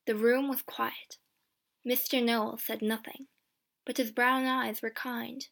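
Bright-voiced woman reading a storybook. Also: a little high, level tone, slow, creaky. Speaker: narrator.

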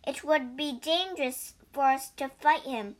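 A woman's voice: high voice, measured pace. A woman voicing a cautious, worried male priest in a storybook reading. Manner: worried, reasoning.

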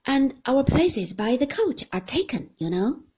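An earnest, admiring young man, eager and effusive in his praise, as a woman reads him. His lines rise and fall a great deal, in a high, breathy voice. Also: big pitch swings, measured pace, a little mellow, heavily acted, poor audio.

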